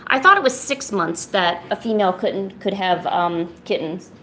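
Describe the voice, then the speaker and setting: A woman's voice: medium pitch, expressive, normal speed, fairly bright tone, a little hiss or hum. A woman chatting casually on an art livestream, playfully scolding her cat in a mock-stern voice.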